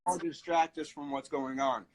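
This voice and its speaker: Man, livestream host, casual spiritual chat, rambling, many fillers, slightly high voice. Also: fairly even intonation, moderate pace, darkish tone, rough recording.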